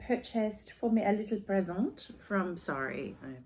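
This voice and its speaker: A woman's voice: mid-range voice, animated, darkish tone. A middle-aged woman with a New Zealand accent, co-hosting a podcast in friendly, upbeat casual chat. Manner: friendly, upbeat, quick asides. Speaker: podcast co-host.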